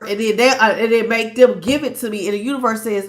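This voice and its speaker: A woman's voice: on the high side, fairly quick, hardly any pauses. A stuffed-up woman giving a blunt, preachy live tarot reading, talking in slang and greeting her chat viewers. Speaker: tarot reader.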